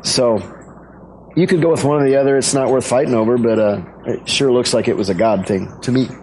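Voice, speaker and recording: A man delivering a sermon as a pastor, talking through an old story in a casual, conversational tone. His voice is mid-pitched and plain, with faint background noise. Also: fairly quick, darkish tone, rough recording.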